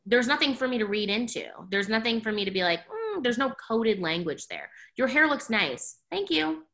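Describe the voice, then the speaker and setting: A woman talking in a casual podcast chat, blunt and animated, saying "like" a lot and swearing freely. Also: a little high, moderate pace, few pauses.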